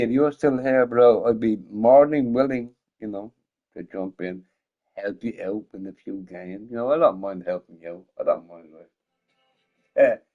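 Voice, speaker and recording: A man's voice: lowish voice, warm tone, lo-fi sound. Drunk, rambling male streamer. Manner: rambling, crude and jokey. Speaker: game streamer. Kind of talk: casual stream chat.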